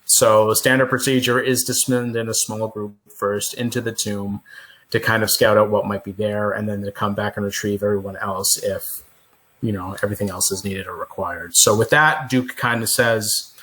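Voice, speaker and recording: A man narrating as game master, relaxed and explanatory, with frequent fillers. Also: lowish voice.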